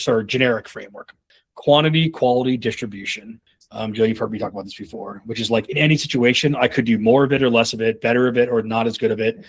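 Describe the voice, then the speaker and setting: A man in his thirties coaching on a call, casual and rambling, with many fillers and restarts. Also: medium pitch. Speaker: sales leadership coach.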